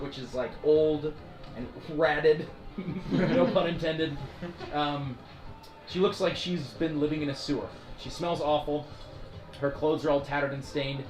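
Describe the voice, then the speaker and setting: High-voiced, laughing game master man. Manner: animated, laughing often. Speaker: dungeon master. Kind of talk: narrating a tabletop game. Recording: echoey room with music.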